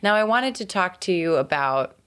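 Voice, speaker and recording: A young adult woman hosting a comedy podcast, with an animated monologue and playful banter. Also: fairly low pitch, moderate pace, clear, resonant tone, no room sound. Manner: animated, does silly voices for her body parts. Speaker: podcast host.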